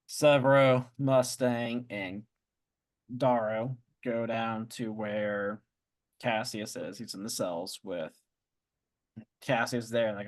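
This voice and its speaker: A man co-hosting a podcast, retelling a book's plot in an animated, swearing, jokey way. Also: on the low side. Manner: animated storytelling, swears, jumps into silly voices. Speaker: podcast co-host. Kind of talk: casual book discussion chat.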